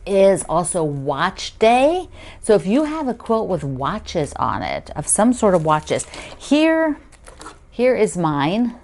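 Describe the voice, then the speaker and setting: A woman's voice: lowish voice, a little mellow. A middle-aged woman hosting a quilting show, chatting casually to viewers as she unboxes, gushing, gasping with delight and thinking aloud.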